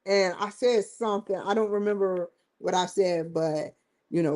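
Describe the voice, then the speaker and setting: A woman's voice: medium pitch, normal speed, a little mellow. A woman hosting her own livestream show, rambling and joking between topics, often breaking into laughter. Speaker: host. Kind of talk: casual livestream chat.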